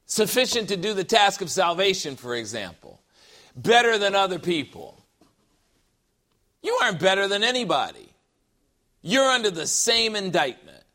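A middle-aged man preaching a sermon, animated and full of joking asides and rhetorical questions. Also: sits high, normal speed, long pauses. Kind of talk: sermon with humor.

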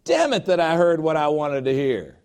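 A man with a somewhat high voice preaches to his congregation. He talks in an emphatic, emotional way, drifts into personal asides and repeats phrases to hammer them home. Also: sing-song, normal speed, a little mellow, smooth. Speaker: pastor. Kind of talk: sermon.

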